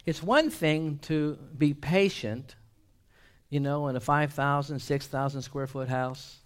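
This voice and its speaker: Man preaching a lively humorous sermon. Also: a little high, takes it slowly, clean tone. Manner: call-and-response preaching, humorous asides.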